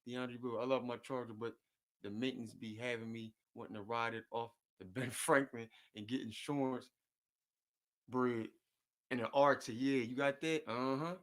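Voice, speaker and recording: In a mid-range, slightly bright voice with fairly even intonation, a man talks to his viewers at normal speed. The chat is casual and slangy, full of repeated words, topic jumps and frequent chuckles.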